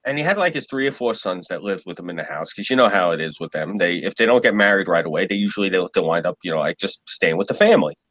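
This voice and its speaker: A man telling a story on a casual podcast, animated and profane. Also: low voice, quick pace, hardly any pauses, dry recording, poor audio. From New York. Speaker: podcast co-host.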